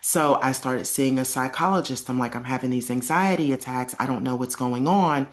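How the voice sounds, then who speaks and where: A woman's voice: extremely low pitch, moderate pace. A young adult woman telling a personal story to camera in a casual, emphatic way, acting out the lines she quotes. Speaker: vlogger.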